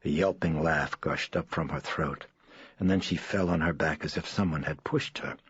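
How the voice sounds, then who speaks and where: A man reading an audiobook in a measured, somber way. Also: fairly bright tone, slightly rough, dry recording. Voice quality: very deep. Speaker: audiobook narrator. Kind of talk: scripted narration. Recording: dull dry studio read.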